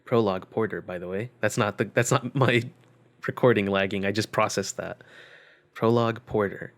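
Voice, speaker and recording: A man's voice: on the low side, steady tone, moderate pace. A young man giving casual let's-play commentary, wry and joking as he thinks aloud. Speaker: gaming channel host.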